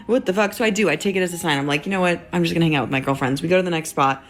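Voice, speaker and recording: A woman's voice: lowish voice, fast talker, soft background music. Candid young woman telling a story. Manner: candid, self-mocking, swears freely. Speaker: social media poster. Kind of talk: casual storytelling to camera.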